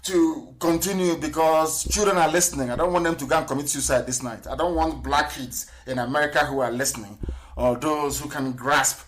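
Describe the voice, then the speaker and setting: A man's voice: on the high side, fairly quick. A middle-aged man, giving an impassioned live radio lecture. He asks rhetorical questions and spells words out letter by letter. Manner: rhetorical, spells words out letter by letter, swings between loud and hushed. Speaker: political broadcaster.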